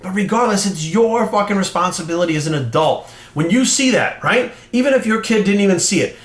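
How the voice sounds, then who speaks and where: A man's voice: sits high, lively intonation, brisk. A middle-aged man hosting his own channel, ranting bluntly and heatedly to camera with constant swearing and repeated emphasis. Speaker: fitness trainer and channel host. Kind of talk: profane opinion rant to camera. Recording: roomy echo.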